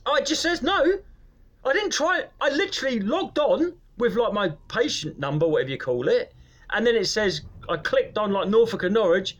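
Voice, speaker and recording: A man's voice: high-pitched, sing-song, brisk, a bit bright. A man, a comedian, grumbling and telling anecdotes in casual podcast chat, swearing freely.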